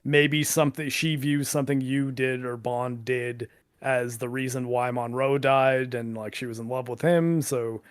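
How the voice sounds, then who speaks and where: A man of middle pitch speaks as a guest on a gaming podcast, on a close, dry recording. He talks in a relaxed, thoughtful way, working through ideas as he goes. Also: a little slow, smooth, dry recording. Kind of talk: casual gaming chat.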